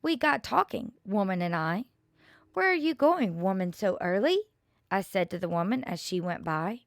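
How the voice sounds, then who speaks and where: An older woman reading children's poems aloud in a slow, expressive way, with playful asides. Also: fairly low pitch, no room sound, clean studio sound.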